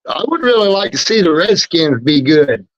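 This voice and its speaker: A man's voice: fairly high pitch, very animated, normal speed, dry recording, highs cut off. A man co-hosting a casual sports chat, answering in short, laid-back remarks. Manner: brief, laid-back replies. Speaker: co-host.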